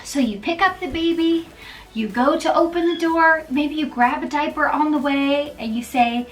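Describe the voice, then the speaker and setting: High-voiced woman, chatty encouraging vlogger. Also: normal speed, recorded from a distance. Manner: chatty, checks in often with "okay?" and "all right?". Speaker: mom vlogger. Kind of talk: casual encouraging vlog talk.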